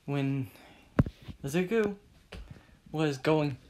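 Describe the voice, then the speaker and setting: Super slow halting storyteller, lots of pauses, middle pitch. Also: a little mellow, a little hiss or hum. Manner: halting, with many pauses and restarts. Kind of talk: amateur fan-story narration.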